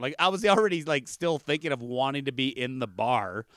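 A man's voice: medium pitch, quick pace, fairly bright tone, dry recording, clean studio sound. A man who is a comedian, telling rambling stories in casual chat and laughing through them, on a video call. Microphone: remote video call.

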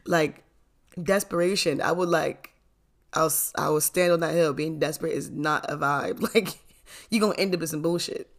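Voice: medium pitch, normal speed. A young adult telling a casual storytime to camera, chatty, full of fillers, often laughing and swearing. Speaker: storytime vlogger.

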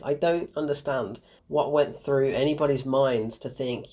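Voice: medium pitch, steady tone, normal speed, few pauses, dark tone. A young adult film reviewer talking through a movie in a casual, rambling way, with sarcastic asides and plenty of fillers.

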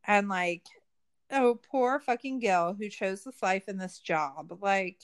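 A woman's voice: medium pitch, takes it slowly. A woman co-hosting a casual true-crime recap, sarcastic and profane, full of "like" fillers. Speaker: podcast co-host.

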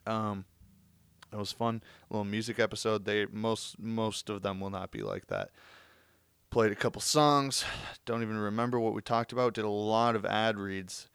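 Gravelly young man rambling casually. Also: lowish voice, moderate pace, fairly bright tone, dry recording. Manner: rambling, joking, self-mocking. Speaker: podcast host. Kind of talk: casual solo podcast chat.

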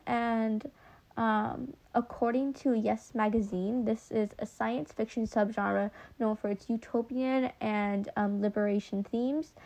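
With a fairly high, slightly mellow voice touched by vocal fry, a young book-podcast host chats away casually. She lisps a little because of her retainers and fills her talk with ums and likes.

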